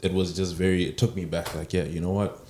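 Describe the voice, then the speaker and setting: A man telling his story in a relaxed, casual way, with frequent soft fillers. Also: deep voice, fast talker. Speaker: podcast guest. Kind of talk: casual conversation. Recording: echoey room with background noise.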